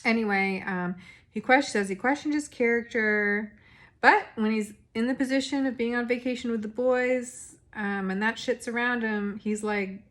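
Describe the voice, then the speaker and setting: A woman's voice: a little high, moderate pace, fairly bright tone. Woman, young adult, casual recap host, chatty, rambling, filler-heavy.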